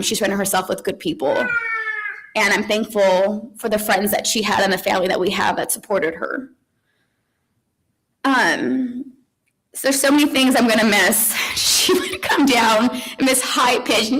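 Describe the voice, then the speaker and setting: A woman in her forties, a grieving mother giving a eulogy at a funeral home, halting with soft laughs, sighs and restarts. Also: medium pitch, low-quality recording.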